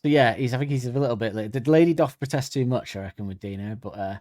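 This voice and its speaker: A man's voice: medium pitch, fast, mellow, no echo, studio quality. Rambling man podcaster. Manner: rambling, crude jokes, laughs often. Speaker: podcast co-host. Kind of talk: casual comedic chat.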